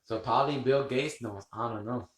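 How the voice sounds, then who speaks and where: A man's voice: mid-range voice, moderate pace, echoey room. A man hosting a rambling live stream, chatting with viewers, laughing often and swearing casually. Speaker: livestream host.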